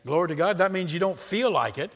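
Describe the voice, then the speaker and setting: Emphatic male preacher, slightly high voice. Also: lively intonation, fast, a bit bright. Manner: emphatic, repetitive, calls to the congregation. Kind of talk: sermon.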